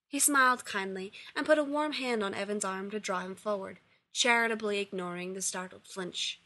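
Brief: woman story reader, bright tone, mid pitch, steady narration. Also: moderate pace. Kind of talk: reading fan fiction aloud.

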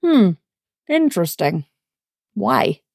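A woman voicing a shy young man in an audio story, halting and unsure, with a gravelly edge. The sound is dry and close. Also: mid-range voice, very animated, darkish tone, no room sound, full character voice. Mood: tentative.

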